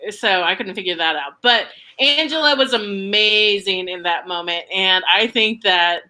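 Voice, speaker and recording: A woman co-hosting a casual podcast chat, telling animated stories with lots of laughter. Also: mid-range voice, moderate pace. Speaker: podcast co-host.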